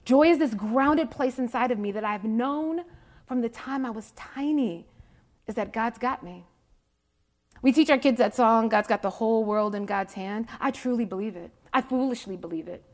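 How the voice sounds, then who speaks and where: A woman's voice: fairly high pitch, normal speed, darkish tone. A woman, giving a candid, emphatic personal talk to young people and repeating phrases for stress. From Mississippi, USA. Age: 40s. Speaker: faith speaker addressing youth.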